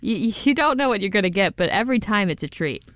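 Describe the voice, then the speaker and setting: A woman co-hosting a casual podcast, giggly and easily tripped up by hard names. Her voice is smooth and clear and moves up and down a lot. It sounds close and dry. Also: medium pitch, animated, quick pace, fairly bright tone, no echo. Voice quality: giggly, stumbling over names. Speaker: podcast co-host. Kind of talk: casual recap chat.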